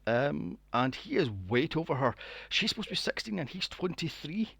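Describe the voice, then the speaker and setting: A man co-hosts a podcast, chatting his way through a film recap with a gravelly, creaky edge to his voice. His pitch swings widely as he talks, and he swears freely. The sound is dry and close, with no room around it. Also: normal speed, no room sound. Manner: animated, swears freely, acts out quotes in a mocking voice. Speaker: podcast co-host. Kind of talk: casual film recap chat.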